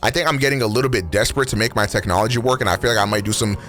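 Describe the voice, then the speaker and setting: Man doing a low, mumbling broke scientist. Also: racing, a bit bright, lightly acted. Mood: offhand.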